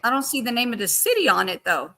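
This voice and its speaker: A woman hosting a livestream in casual chat, outspoken and quick to scold rude viewers. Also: on the high side, sing-song, pushed and bright, soft background music. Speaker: livestream host.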